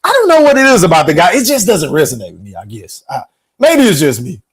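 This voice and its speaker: A man's voice: a little high, wildly swooping pitch, fast talker. A man hosting a podcast, giving casual, opinionated and profane commentary as he reacts to clips and talks straight to his viewers. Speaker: podcast host.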